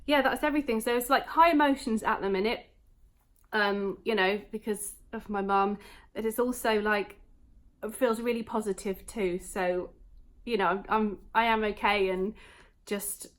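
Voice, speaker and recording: A woman chats to camera in a casual home vlog. She rambles and fills gaps with "um" and "like", and her voice sits at an ordinary middle pitch. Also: fairly even intonation. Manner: rambling, talks in quick bursts, many fillers. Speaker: vlogger.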